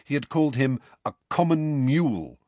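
A man narrating a storybook in an expressive, varied scripted reading. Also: medium pitch, moderate pace, dry recording. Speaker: audiobook narrator.

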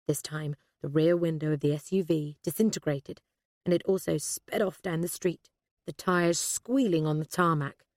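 A woman narrating an audiobook thriller in a steady, measured way. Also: deep voice, no room sound, studio quality.

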